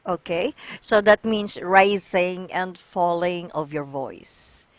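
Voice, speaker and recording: A woman's voice: lowish voice, slow pace, no echo. Patient woman teaching English. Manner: patient, checks in with "okay?" and "right?". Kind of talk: coaching a learner through reading.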